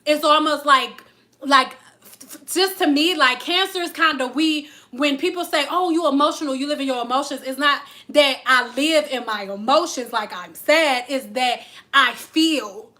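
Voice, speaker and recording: This hair care vlogger, a young adult woman, speaks a little slowly in a high, bright, forceful voice. Chatting casually to camera, she's blunt and profane and acts out the people in her stories.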